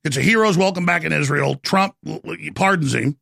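A man's voice: fairly high pitch, moderate pace, vocal fry, sharp tone, dry recording, clean studio sound. A man hosting a talk show, delivering emphatic, indignant political commentary.

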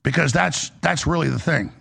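Gravelly, husky man preaching hard. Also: normal speed, a bit bright. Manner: intense and preachy, voice swinging high and low. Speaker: radio talk show host. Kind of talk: impassioned monologue.

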